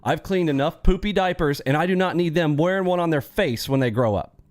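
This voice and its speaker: A man's voice: on the high side, brisk, no echo, faint music behind. A man hosting a live trading stream, talking bluntly in a casual, preachy rant and laughing often.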